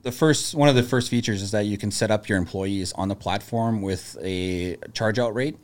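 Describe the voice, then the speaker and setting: A man, a business owner, talking in a casual podcast chat and telling stories in a calm, level-headed way. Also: on the low side, moderate pace.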